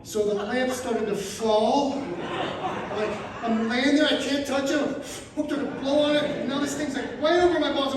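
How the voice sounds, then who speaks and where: A man doing stand-up, spinning a story with animated delivery and bursts of shouting. The sound is very echoey, caught from a distance in a large room with faint ambient noise behind him. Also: extremely high pitch. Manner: animated, acts out characters, rising to shouts. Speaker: stand-up comedian. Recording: echoey room, mic from far off.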